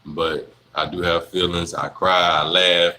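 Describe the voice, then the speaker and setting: A young man, chatting casually on a livestream, answering viewers in a relaxed, rambling way full of fillers. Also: low-pitched, unhurried, slight background noise, poor audio. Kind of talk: casual live Q&A chat.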